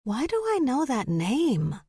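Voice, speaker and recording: Stevie, a frantic, high-voiced young woman, as a female narrator voices her. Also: big pitch swings, unhurried, warm tone, husky, no room sound, clean studio sound, heavily acted. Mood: pleading. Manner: breathless and pleading. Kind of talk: audiobook character voice.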